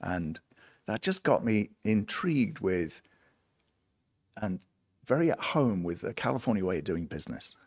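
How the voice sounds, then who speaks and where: A middle-aged man with a mostly British accent, a guest in a casual interview, telling animated stories with laughs. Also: fairly low pitch, normal speed, pauses often, husky, dry recording, studio quality. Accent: British, mostly, after long years in the United States. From United Kingdom. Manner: animated storyteller who laughs often and acts out quoted voices. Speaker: guest, entrepreneur and songwriter.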